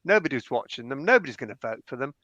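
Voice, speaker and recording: A man's voice: mid-range voice, sing-song, quick pace, fairly bright tone, no echo, muffled recording. Teasing man hosting a live panel. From Bradford, England. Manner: teasing, playful. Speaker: panel show host.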